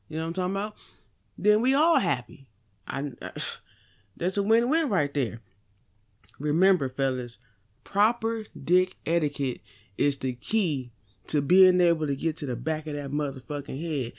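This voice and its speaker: A young woman hosting a podcast, giving a blunt, profane comedic monologue full of teasing rhetorical asides. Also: lowish voice. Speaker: podcast host.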